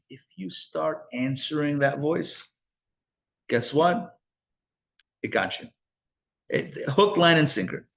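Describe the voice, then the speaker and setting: A man, a rabbi, teaching a live Torah class in an animated, conversational way, full of rhetorical questions and asides. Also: on the high side, measured pace, gravelly, long pauses.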